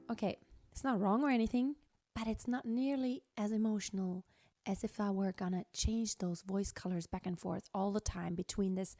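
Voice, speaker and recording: A woman teaching a singing lesson, speaking with enthusiasm and encouragement and now and then dropping to a breathy tone to show voice colors. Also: a little high, fairly quick, music in the background. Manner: enthusiastic, encouraging, shifts between strong and breathy tones. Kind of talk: vocal lesson with sung demonstrations.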